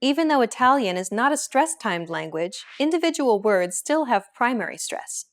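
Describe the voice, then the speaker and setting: A woman hosting a language lesson, explaining pronunciation in a clear, measured scripted narration. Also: on the high side, big pitch swings. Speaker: host.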